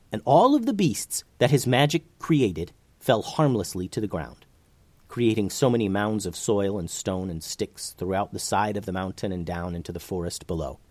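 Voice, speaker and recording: Animated male storybook narrator. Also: lowish voice, dry recording.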